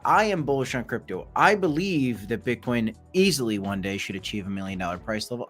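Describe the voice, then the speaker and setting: A man's voice: medium pitch, fairly bright tone. A man hosting a casual live stream of market commentary, chatty with playful asides and bursts of hype. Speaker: crypto live stream host.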